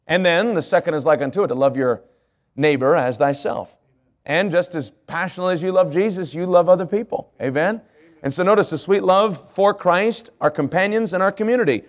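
Preaching man, slightly high voice. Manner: spells out words letter by letter, asks congregation questions; slows to stress key phrases, rises in passion. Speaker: pastor. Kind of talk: sermon with fill-in handout.

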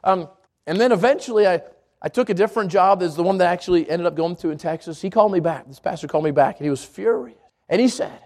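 A man with a strikingly high-pitched voice delivers a sermon as a pastor. He talks earnestly, stumbles into repeated words and swells toward emphatic high points. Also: quick pace. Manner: earnest, repeats words when restarting, rises to emphatic peaks.

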